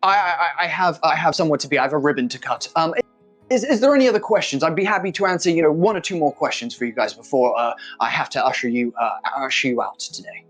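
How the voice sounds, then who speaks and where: A fussy, chatty architect who trips over his own words, all golly and goodness, as a man puts him on. His voice sits high and keeps rising when he gets flustered. A tabletop game character with a nervous, polite manner. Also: fast, fairly bright tone, faint music behind. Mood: hurried. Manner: rambling, stammering, easily flustered.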